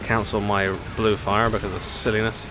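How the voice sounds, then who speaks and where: A low-voiced man talks through his racing stream in a relaxed, rambling way, laughing at himself and answering chat. Clear game music plays underneath his voice throughout. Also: moderate pace. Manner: chatty, self-deprecating, laughs often, reads chat aloud. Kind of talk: casual gameplay commentary.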